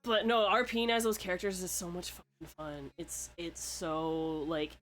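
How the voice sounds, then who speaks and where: A woman's voice: lowish voice, flat delivery, normal speed, a bit bright, a little hiss or hum. Young woman chatting loosely, full of fillers. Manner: rambling, lots of fillers, swears freely. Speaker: podcast host. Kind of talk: casual chat.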